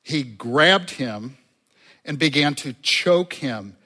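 A man preaching a sermon as a pastor, conversational and lively, with asides to the congregation. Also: fairly high pitch, slow, in a large hall.

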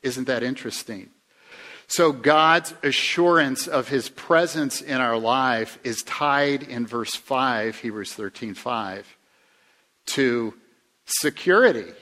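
Conversational male pastor preaching. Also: slow pace. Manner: conversational, asks the listeners questions; swings from emphatic rises to quiet low asides. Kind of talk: sermon.

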